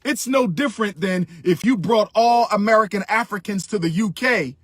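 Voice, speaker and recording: A man's voice: sits high, normal speed, slightly rough, dry recording, clean studio sound. A middle-aged man giving impassioned commentary, emphatic, repeating his phrases for stress.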